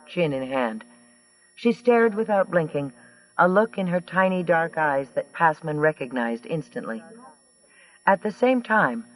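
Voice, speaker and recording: Brief: male audiobook narrator, dry delivery, a bit high, recorded off-mic. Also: far from the mic, poor audio. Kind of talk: scripted narration.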